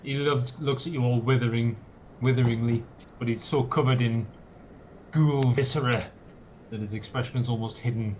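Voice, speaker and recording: A man's voice: mid-range voice, fairly even intonation, normal speed, darkish tone. A man narrating a tabletop game as game master, in a descriptive, dry and wry manner. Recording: dull, noisy online call audio.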